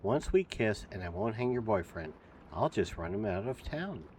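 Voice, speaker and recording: A drunk small-town sheriff leers in a slow, lazy drawl, as a man puts him on for a storybook. The voice sits low and unhurried. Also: big pitch swings, darkish tone, slight background noise. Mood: leering.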